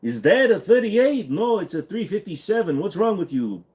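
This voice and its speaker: A man's voice: sits high, sing-song, moderate pace, darkish tone, pitched above the performer's own voice. A man doing a brash, nasal old shopkeeper. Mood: indignant.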